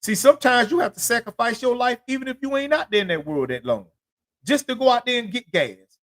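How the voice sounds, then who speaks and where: His pitch is extremely high, his delivery animated and brisk, his tone fairly bright. Hosting his podcast solo, he meanders through street stories thick with profanity and casual slang, repeating "you know what I'm saying" as he goes.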